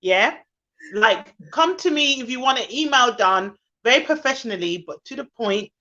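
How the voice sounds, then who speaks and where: A woman with a Jamaican accent speaks in a high voice, heated and indignant as she makes her point in casual conversation. The audio is a little muffled and lo-fi, like a video call. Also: animated, moderate pace, bright, forceful tone. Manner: impassioned, indignant. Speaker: nanny podcast host.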